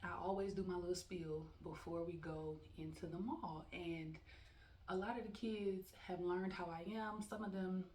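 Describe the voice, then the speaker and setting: A woman teacher telling stories about her classroom rules in a frank, animated, casual way, quoting her students and herself. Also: on the low side, normal speed. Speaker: teacher and vlogger. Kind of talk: casual storytelling monologue. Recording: echoey room from far off with faint background noise.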